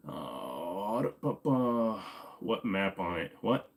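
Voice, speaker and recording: A man sits hosting a casual live question-and-answer stream, answering chat in a rambling, joking way. His voice sits a bit low. He is from Virginia and talks while fiddling with things on his desk. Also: sing-song, takes it slowly, creaky.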